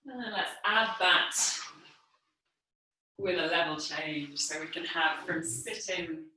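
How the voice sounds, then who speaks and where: A woman teaching a movement class, calmly cueing while she exercises on the floor, a little out of breath. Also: lowish voice. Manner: calm, unhurried cueing while moving on the floor. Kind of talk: guided movement class instruction. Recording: echoey room, mic far off.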